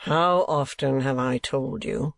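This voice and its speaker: A man's voice: medium pitch, measured pace, gravelly, fairly bright tone, dry recording. A man voicing a cold, scheming older moneylender who speaks curtly and presses his points with emphasis. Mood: emphatic.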